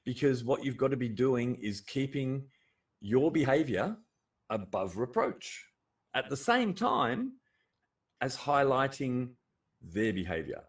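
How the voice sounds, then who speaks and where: An Australian man hosting a casual livestream chat, blunt and animated, swearing freely and laughing often. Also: medium pitch, far from the mic. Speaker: livestream host.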